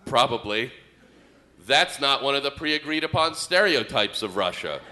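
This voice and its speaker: Male comedian, co-host, stand-up set; bright, sharp tone, rambling observational delivery. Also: medium pitch, sing-song, normal speed. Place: stage before a live audience.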